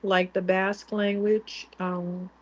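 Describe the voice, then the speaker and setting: A woman's voice: medium pitch, level tone, slow. A woman co-hosting a talk show, speaking emphatically in firm, repeated declarations. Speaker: co-host. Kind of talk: impassioned talk-show discussion.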